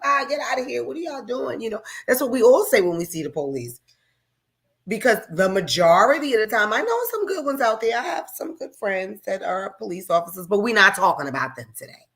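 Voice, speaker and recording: A woman hosting a radio talk show, talking off the cuff in a blunt, profane, heated way, dropping to low mutters and then rising to loud outbursts, into a studio microphone. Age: adult, raising children. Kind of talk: unscripted radio talk monologue.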